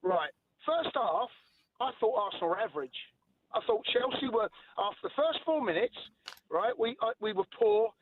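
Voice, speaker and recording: A man's voice: extremely high pitch, sing-song, normal speed. A man calling in to a radio show who argues his point defensively and insistently, over and over asking "right?". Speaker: radio phone-in caller. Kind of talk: heated radio phone-in argument. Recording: tinny phone line with faint hiss.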